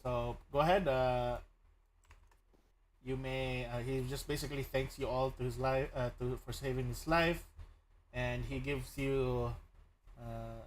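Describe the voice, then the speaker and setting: A man's voice: medium pitch, fairly even intonation, measured pace, long pauses, a little hiss or hum. Hesitant man running a tabletop game. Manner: hesitant, many "uh"s and "basically"s. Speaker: game master.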